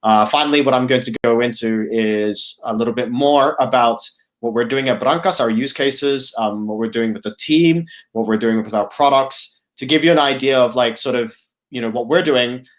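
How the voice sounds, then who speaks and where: Male guest speaker, casual presenting voice, lots of "um" and "right?", mid-range pitch. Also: moderate pace. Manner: thinking aloud, many fillers and restarts, tag "right?". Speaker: guest speaker, product officer. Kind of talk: conference presentation.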